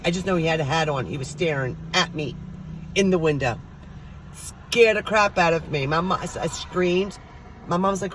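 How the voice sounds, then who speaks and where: A woman's voice: on the low side, moderate pace, fairly bright tone, slight background noise. A middle-aged woman vlogger, chatting casually to her viewers and telling stories, acting out the voices of the people in them. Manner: chatty storytelling, acts out voices.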